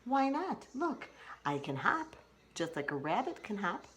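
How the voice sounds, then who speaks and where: A woman voicing a stubborn little frog who keeps wishing to be another animal, high and pleading in tone. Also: very animated, a little slow, a bit bright, slight background noise. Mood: whiny pleading. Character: whiny little boy frog, stubborn and wishful.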